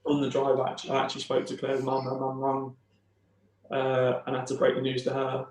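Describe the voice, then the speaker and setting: Soft-spoken man, echoey room. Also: medium pitch, monotone. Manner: halting, emotional retelling with many restarts. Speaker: podcast guest. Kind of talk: personal storytelling.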